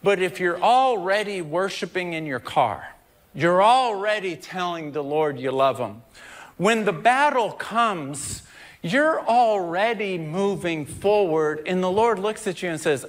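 A man preaching as a pastor, storytelling and then rising to loud shouted preaching before dropping back low. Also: expressive, a little slow. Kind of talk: sermon.

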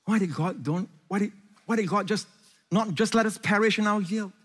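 A man preaching a sermon as pastor, impassioned, swinging from loud questions to hushed, tender reassurance. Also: high-pitched, moderate pace, slightly rough, long reverb tail.

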